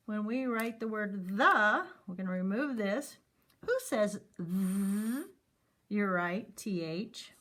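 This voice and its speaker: A woman teacher leading a phonics lesson for young students, sounding out letter sounds slowly and clearly and encouraging the children. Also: a little high, a bit bright.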